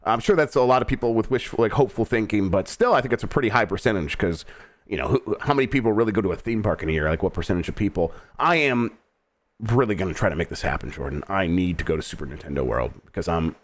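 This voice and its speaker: An easygoing middle-aged American man hosts a game news show. He has a lowish voice and scatters fillers between the headlines. The sound is dry and close to the mic. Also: lively intonation, fast talker, no echo. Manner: easygoing, many uh fillers, reads headlines then riffs. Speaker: host. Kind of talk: casual news chat.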